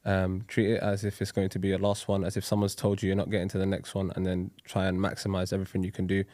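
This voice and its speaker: A man speaks low and quick in a podcast chat, dropping short remarks in between the others. His voice sounds close and dry. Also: completely flat delivery, mellow, no echo. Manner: brisk, chiming in short remarks. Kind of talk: casual chat.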